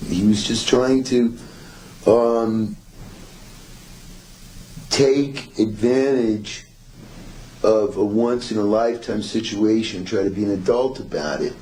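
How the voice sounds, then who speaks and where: A band member reflecting thoughtfully in a documentary interview. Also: male voice, fairly low pitch, steady tone, slow, pauses often, mellow, a little hiss or hum, rough recording.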